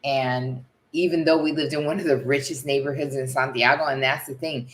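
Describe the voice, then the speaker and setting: A middle-aged woman from the United States with an unusually deep, low voice, chatting on a live vlog. She tells stories in an animated way and slips into quick voiced asides. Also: a little hiss or hum. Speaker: vlog co-host. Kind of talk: casual live chat.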